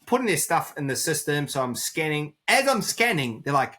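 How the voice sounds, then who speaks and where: A man with a husky, slightly breathy voice talks casually as a podcast co-host. His pitch moves around a lot as he tells work stories and acts out both sides of each exchange. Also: big pitch swings, brisk, sharp tone. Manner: storytelling, acts out customer exchanges. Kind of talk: casual chat.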